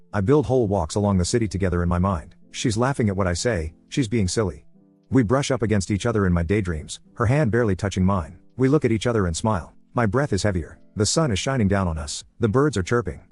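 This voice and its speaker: Man, story narrator, husky voice, calm and even, faint music underneath. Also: lowish voice, quick pace, no echo. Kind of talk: first-person story narration.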